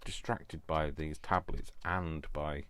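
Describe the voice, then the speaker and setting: A man's voice: very deep voice, steady tone, slow pace, fairly bright tone, smooth. A man hosting his own craft video, rambling along and teasing himself as he works. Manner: self-deprecating, talks to himself. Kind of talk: casual rambling craft tutorial.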